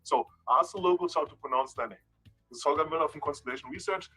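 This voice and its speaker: A man presenting a playful segment on pronouncing brand and place names, teasing and animated. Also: a little high, fast talker, slightly rough, soft background music, poor audio. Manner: animated, teasing, repeats words to correct pronunciation. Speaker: industry analyst presenting a segment. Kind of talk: playful explanatory monologue.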